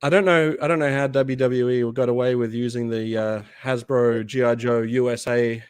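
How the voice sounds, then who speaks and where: A man's voice: medium pitch, fairly even intonation, normal speed, a little hiss or hum. An Australian man chatting casually as co-host, talking easily and laughing often. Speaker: podcast co-host. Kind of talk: casual chat.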